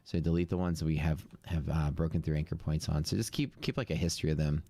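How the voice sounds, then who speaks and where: A man's voice: rumbling low, quick pace, warm tone, dry recording. A man live-streaming his trading screen, casually thinking aloud with fillers and restarts. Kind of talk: live screen-share commentary.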